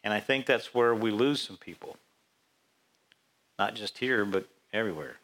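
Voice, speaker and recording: A man's voice: on the low side, moderate pace, a bit bright. A man pastor leading a casual, interactive Bible study, asking his congregation questions. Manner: conversational, asks the congregation questions.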